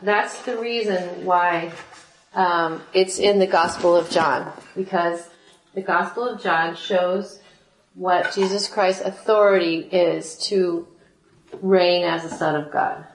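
Animated woman teaching scripture, roomy echo. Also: lowish voice, takes it slowly, slight background noise. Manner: animated, laughs often, acts out quoted voices. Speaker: Bible study teacher. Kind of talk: scripture reading with commentary.

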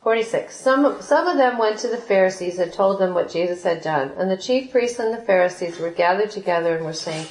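Woman, Bible study teacher, lively and laughing, mid-pitched, echoey room. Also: brisk, hardly any pauses. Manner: animated, laughs often, acts out quoted voices. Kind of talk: scripture reading with commentary. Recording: roomy echo.

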